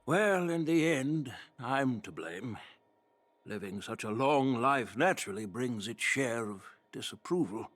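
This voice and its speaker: A humble ancient general. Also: male voice, medium pitch, expressive, unhurried. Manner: modest, soft-spoken. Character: very old male general and smith, humble and weary. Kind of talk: game voice acting.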